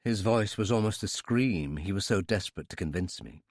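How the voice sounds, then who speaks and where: A man narrating a thriller audiobook in the first person, in a measured, dramatic manner. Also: low voice, lively intonation, dry recording, studio quality.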